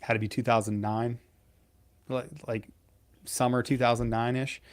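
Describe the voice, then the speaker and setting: A man's voice: mid-range voice, little pitch movement, normal speed. A man in his forties, a veteran pararescueman co-hosting a live stream, giving blunt, profane career advice in a casual storytelling way. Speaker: podcast co-host, veteran pararescueman.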